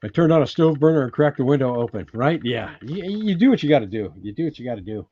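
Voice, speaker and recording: An older man from California hosting a casual live chat from his off-grid cabin, rambling and laughing often as he greets viewers loudly. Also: medium pitch, lively intonation, fast talker, slightly rough, highs cut off. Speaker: live-stream host.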